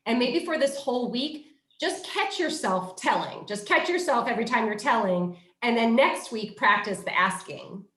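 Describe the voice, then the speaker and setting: A woman's voice: fairly high pitch, animated, normal speed, a bit bright, roomy sound, rough recording. A woman leading a parenting workshop, giving instructions and acting out commands and coaching questions. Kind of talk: interactive parenting workshop role-play.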